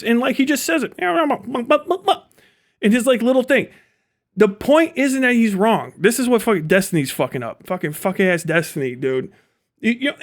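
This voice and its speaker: A man's voice: very high voice, big pitch swings, moderate pace. A young man from Ohio ranting on a livestream, swearing constantly and laughing at his own jokes. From Ohio, USA. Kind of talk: profane live-stream rant.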